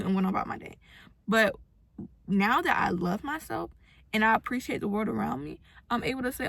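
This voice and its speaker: A woman's voice: fairly high pitch, brisk, creaky, fairly bright tone, no room sound. A young woman giving a casual, earnest motivational talk to her followers, acting out the voices of people she quotes. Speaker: self-help vlogger.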